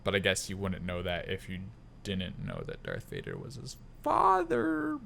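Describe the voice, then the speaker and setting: A young man co-hosting a casual film review chat, rambling and laughing often, dropping in quick quoted impressions of lines. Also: sits low, huge pitch swings, gravelly, pushed and bright, slight background noise. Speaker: podcast co-host.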